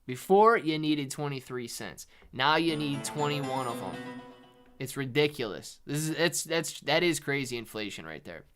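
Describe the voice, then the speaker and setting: A man's voice: medium pitch, animated, moderate pace, a bit bright, faint music behind. A man hosting a casual livestream about markets, chatty, calling viewers dude and man. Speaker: livestream host. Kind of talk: casual live market commentary.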